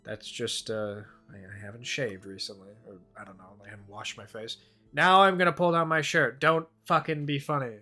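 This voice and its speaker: A man's voice: medium pitch, fairly even intonation, normal speed, pushed and bright, soft background music. A man playing a tabletop game, rambling and joking with swear words in casual chat. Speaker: player.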